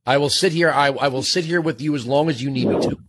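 A man hosting a call-in radio show from a studio, speaking gently and consolingly to a caller. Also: on the high side, fast. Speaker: radio host.

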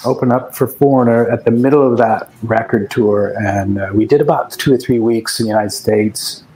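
A man in his sixties from Canada, a guest musician recalling stories in a relaxed, reflective way with frequent restarts. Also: mid-range voice, moderate pace, low-quality recording. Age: 60s. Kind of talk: casual interview chat.

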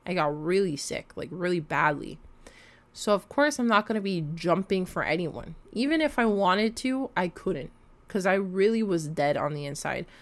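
A young woman telling a casual storytime rant about her coworkers, exasperated and animated, swearing freely and full of likes and fillers. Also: fairly low pitch, normal speed. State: recovering from a cold. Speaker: vlogger.

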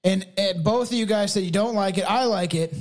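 Casting: man, podcast host, high voice, loose jokey banter. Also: a little fast. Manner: loose and joking, drinking on air. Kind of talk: casual chat. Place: small studio.

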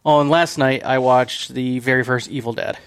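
A man's voice: mid-range voice, fairly even intonation, normal speed, clear, resonant tone. A man co-hosting a podcast in a loose, rambling casual chat, laughing often. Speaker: podcast co-host.

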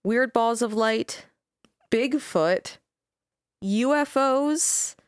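A woman's voice: on the high side, extremely slow, clear, resonant tone, no room sound, studio quality. A woman co-hosting a podcast, chatting casually and reading quoted passages aloud. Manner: laid-back, reads quoted passages aloud. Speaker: podcast co-host.

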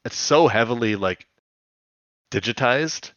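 A man's voice: medium pitch, expressive, unhurried, a bit bright, no room sound, lo-fi sound. A man co-hosting a podcast in casual chat, rambling and giggly. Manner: rambling, giggly, puts on jokey quotes. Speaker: podcast co-host.

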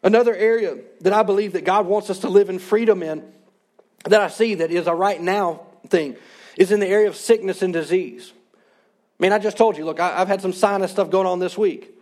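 A man's voice: high-pitched, a little fast, a little mellow. A man in his thirties, a pastor, preaching a sermon in an earnest, conversational way.

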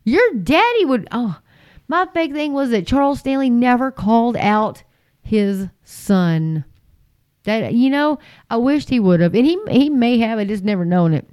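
A woman's voice: fairly high pitch, lively intonation, measured pace, a little mellow, smooth, no room sound. A woman giving impassioned religious commentary, emphatic and repetitive, with frequent fillers. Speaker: Christian commentator.

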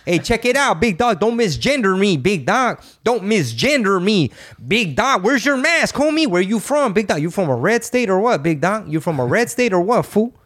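A man's voice: sits high, big pitch swings, normal speed, hardly any pauses, fairly bright tone, voice pushed up, exaggerated voice. A man putting on a swaggering, taunting street-tough voice. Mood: mocking. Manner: mocking, slangy jabs.

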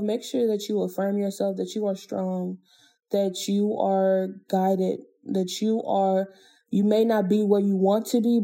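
A woman's voice: medium pitch, dark tone. A woman hosting her own podcast, talking alone in an earnest, motivational way with casual slang. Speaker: podcast host. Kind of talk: reflective solo podcast talk.

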